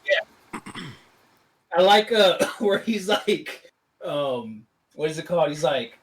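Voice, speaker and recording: A man co-hosting a casual movie review podcast, rambling through plot recaps full of "like" and quick acted-out quotes. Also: fairly high pitch, lively intonation. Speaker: podcast co-host.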